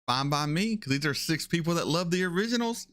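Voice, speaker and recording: Male host doing a casual livestream with a bright, crisp voice. Opinionated, says his points twice, and his pitch jumps up when he gets excited. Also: brisk. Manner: opinionated, repeats himself for emphasis. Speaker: reaction channel host.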